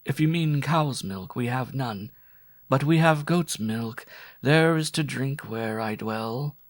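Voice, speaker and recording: A male narrator voicing a mysterious unveiled desert woman who speaks slowly with a droning growl between words. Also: mid-range voice, no echo, studio quality, voice pushed up, close to an everyday voice. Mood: amused. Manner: slow, sing-song, lips barely parting.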